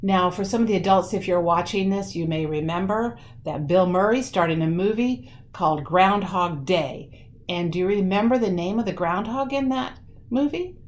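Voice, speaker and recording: A woman teaches a children's craft lesson from home, explaining things slowly and warmly for kids with lots of pauses and ums. Her voice is mid-range.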